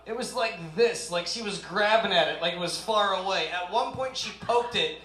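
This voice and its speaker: A man's voice: sits high, normal speed, pushed and bright. A man doing a rambling, self-deprecating stand-up set on a live comedy club stage. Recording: roomy live club sound.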